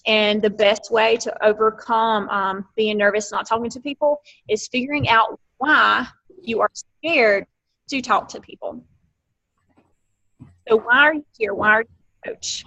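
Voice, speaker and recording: Bright-voiced Alabama woman giving a pep talk. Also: on the high side, steady tone, measured pace, muffled recording. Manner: earnest, emphatic, acts out quoted exchanges. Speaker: guest speaker on a team coaching call. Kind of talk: motivational talk. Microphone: phone or computer on a conference call.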